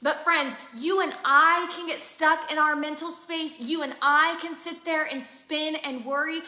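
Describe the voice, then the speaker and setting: Her high voice holds a steady tone, bright and forceful, and she talks a little slowly. The woman, in her thirties, co-hosts a live faith chat in a casual conversational setting, yet speaks with a preacher's earnest emphasis. The room adds noticeable echo.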